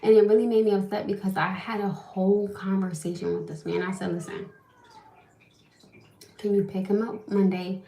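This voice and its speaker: A woman's voice: medium pitch, reverberant. A young woman, telling a story casually to her livestream viewers and venting. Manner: animated, venting, talks straight to viewers. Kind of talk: casual live-stream storytelling.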